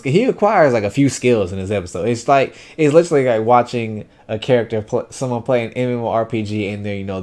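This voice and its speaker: A man giving a casual first-impressions anime review, loose and rambling with lots of fillers and restarts. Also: mid-range voice. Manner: chatty, animated.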